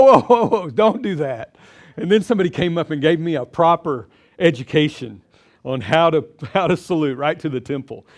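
Middle-aged guy teaching a crowd, bit high voice, keeps asking the room questions, acts out little quotes. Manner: chatty, asks audience questions, acts out quotes. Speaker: Bible teacher. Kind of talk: lively live seminar teaching. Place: indoor seminar with live audience.

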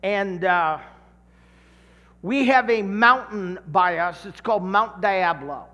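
A middle-aged pastor from California preaches slowly in a high voice, with a long hall reverb and a lo-fi sound. In this sermon he tells a personal story, then acts out its voices with real animation.

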